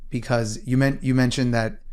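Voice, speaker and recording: A man's voice: medium pitch, flat delivery, normal speed, a little mellow, smooth. A man co-hosting an interview, speaking reflectively and unhurriedly, with touches of faith. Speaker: podcast co-host.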